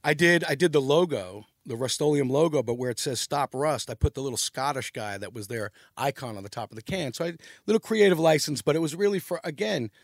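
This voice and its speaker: A man's voice: mid-range voice, a little fast, gravelly, hardly any pauses, no room sound, clean studio sound. Profane New man telling stories. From New York. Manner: animated, profane, rambling storytelling. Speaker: podcast guest. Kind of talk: casual storytelling chat.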